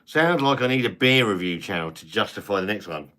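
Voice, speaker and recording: Low-voiced man rambling on a live stream. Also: animated, fairly quick, pushed and bright. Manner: rambling, frequent restarts and casual swearing. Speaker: live-stream host reading viewer comments. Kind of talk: casual live-stream chat.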